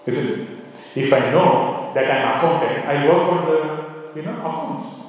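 A man's voice: a little high, a little slow. A man teaching a scripture class in a conversational way, with many "you know" asides. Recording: echoey hall, speaker far from mic.

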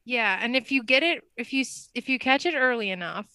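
A woman co-hosting a podcast, telling a story in a casual, animated way with lots of "like" and laughter. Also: fairly high pitch, a little fast, dry recording. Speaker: podcast co-host. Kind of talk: casual chat.

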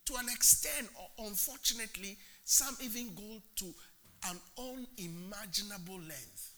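A male pastor preaching an animated sermon in church, asking the congregation rhetorical questions and swinging from loud to hushed. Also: high-pitched, measured pace, a little hiss or hum.

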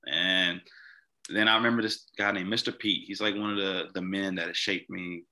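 A young man from Mississippi, a podcast guest telling a personal story in a halting way, often repeating words and restarting. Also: low voice, steady tone, bright, forceful tone.

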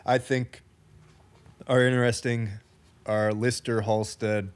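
A podcast co-host from the American Midwest chats casually, laughing often and correcting himself as he goes. His voice is medium-pitched, level, clear, and resonant, and he takes it slowly.

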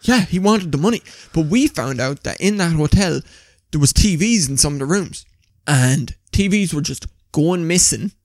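Young Irish podcast host, animated storyteller with a fairly high, gravelly voice; dry close mic. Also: male voice, normal speed, hardly any pauses, no room sound. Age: young adult. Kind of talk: casual storytelling chat.

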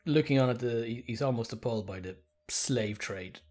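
A man's voice: mid-range voice, darkish tone. A man co-hosting a film podcast, chatting casually and throwing in jokes. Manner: joking, quick asides. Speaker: podcast co-host. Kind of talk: casual movie review chat.

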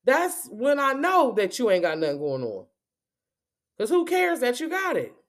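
A woman's voice: sits high, huge pitch swings, moderate pace. A woman giving a profane, confrontational spoken rant as a spiritual vlogger, cursing heavily and repeating herself.

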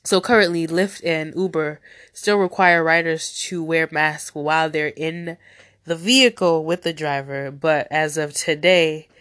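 A woman's voice: deep voice, steady tone, measured pace, fairly bright tone, no echo, clean studio sound. A woman with a nasal, stuffy voice, hosting a casual solo news podcast in a rambling, chatty way with many fillers. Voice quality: nasal from a cold. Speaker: podcast host.

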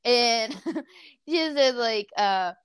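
A woman's voice: on the high side, very slow, smooth, no room sound, studio quality. A woman in casual chat, telling a story with lots of laughter and acted-out quotes. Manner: animated storytelling, laughing often, acting out quotes.

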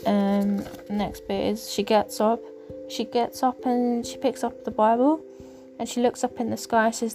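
A woman hosting a casual faith podcast, talking in a rambling, hesitant way with many pauses and fillers. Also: on the high side, little pitch movement. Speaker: podcast host. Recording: music clearly underneath.

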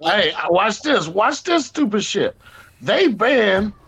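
Podcast co-host, male, high gravelly voice with a lively, swinging delivery, blunt and heated. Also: takes it slowly, no room sound. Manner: blunt, heated, profane ranting. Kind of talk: casual chat.

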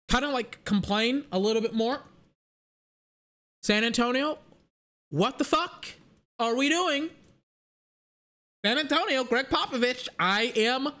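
A young man hosting a casual solo podcast, rambling excitedly and swearing casually. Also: high voice. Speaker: podcast host.

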